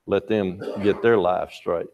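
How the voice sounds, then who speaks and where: A man's voice: low-pitched, steady tone, a little slow, gravelly, muffled recording. An older man teaching a Sunday morning Bible class in a folksy, conversational way. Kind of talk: Sunday school lesson.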